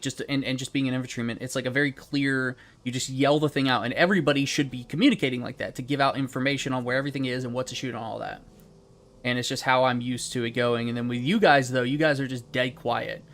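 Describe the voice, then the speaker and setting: A man's voice: medium pitch, fairly bright tone. A young man streaming a game, chatting casually with friends and chat in a rambling, profane, laid-back way.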